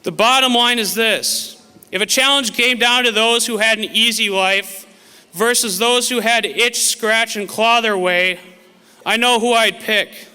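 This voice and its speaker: Unhurried and high-pitched, this teacher's voice sounds sharp yet smooth, with fairly even intonation. He offers his graduating class a motivational, earnest commencement address full of famous quotations, recorded in a large auditorium with long, echoing reverb.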